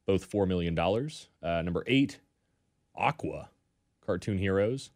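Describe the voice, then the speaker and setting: A man co-hosting a radio show, reading a ranked list in a deadpan, official newsreader manner. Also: deep voice, measured pace. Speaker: radio co-host. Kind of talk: casual chat, reading a list.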